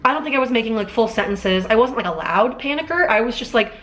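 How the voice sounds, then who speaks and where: A woman's voice: on the high side, animated, quick pace, fairly bright tone. A young woman in her twenties recounting a personal ordeal straight to camera. She rambles in a casual, filler-heavy way, doubling back and restarting her sentences as she goes. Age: 20s. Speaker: vlogger. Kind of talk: emotional storytelling to camera. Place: Los Angeles.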